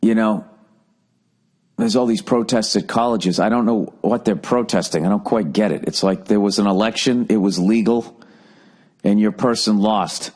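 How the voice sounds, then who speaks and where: A man with a low voice and a Boston accent rants his way through a casual solo monologue. He swears constantly and sounds exasperated, rambling from one gripe to the next. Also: moderate pace, a little mellow. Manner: profane, ranting, exasperated. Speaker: podcast host.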